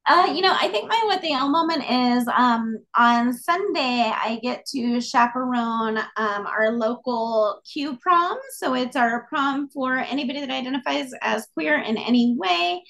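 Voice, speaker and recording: A middle-aged woman co-hosts a podcast over a video call, a little tired and quick to laugh. Her fairly high voice has a gravelly edge. She rambles with plenty of fillers. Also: lively intonation, a bit bright. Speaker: podcast co-host. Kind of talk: casual chat over beer.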